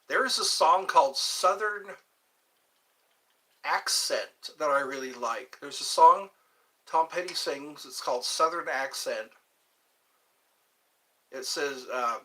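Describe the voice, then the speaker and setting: A man hosting a casual live stream, musing aloud and half-singing song lines softly. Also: a little high, big pitch swings, measured pace.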